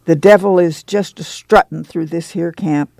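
A man's voice: a little high, fairly even intonation, normal speed, creaky, darkish tone, dry recording. A man voicing a stocky, fiercely pious camp woman who scolds in a rural dialect for an audiobook. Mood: fervent. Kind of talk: audiobook reading.

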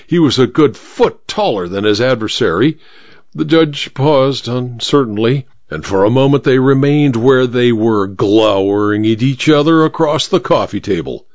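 A man hosting a radio mystery hour, reading the story aloud in an expressive, measured way. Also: medium pitch, dry recording, highs cut off. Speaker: host and story reader.

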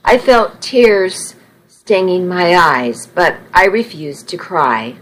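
A woman reading a first-person story aloud in an unhurried way, now and then correcting a slip. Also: fairly low pitch, big pitch swings, low-quality recording. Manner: unhurried, occasional slips and self-corrections. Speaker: narrator.

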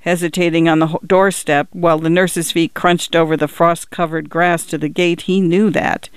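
A man narrating a literary story in a measured, even-toned reading. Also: on the high side, clean tone, no room sound. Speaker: audiobook narrator.

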